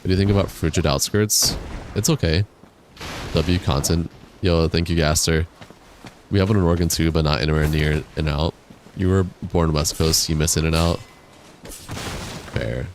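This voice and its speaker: A young man with a deep, low voice streams a game, reading his chat aloud and answering it in easy, slangy talk. He has the hiccups. Loud game noise and booming artillery run behind him. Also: moderate pace, long pauses. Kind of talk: casual live-stream chat while gaming. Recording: game sounds and explosions behind voice. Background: loud game noise, artillery fire.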